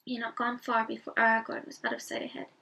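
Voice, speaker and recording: A woman reading a bedtime story aloud in a calm, unhurried way. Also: a little high, creaky. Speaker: reader. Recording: voice from a distance.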